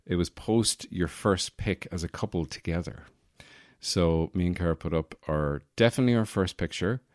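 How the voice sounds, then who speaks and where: A man's voice: low-pitched, normal speed, dry recording, clean studio sound. A young man hosting a casual solo podcast from his apartment, rambling and joking with lots of self-correcting asides. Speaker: podcast host.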